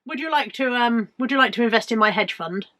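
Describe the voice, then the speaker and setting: A woman's voice: fairly high pitch, fast, sharp tone, dry recording. A woman putting on a plummy posh puppet lady. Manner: plummy, upper-class. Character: posh female puppet touting a hedge fund.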